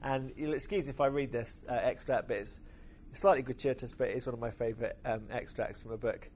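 A man preaching a sermon, pausing often with hesitant fillers. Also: mid-range voice, a little mellow, a little hiss or hum.

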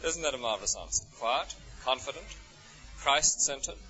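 A man with an English accent preaching a sermon, full of rhetorical questions, his voice soaring high and then dropping to a hush. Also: moderate pace, soft background music. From England. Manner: expressive, rhetorical questions, swings from soaring to hushed. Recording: dull lo-fi recording.

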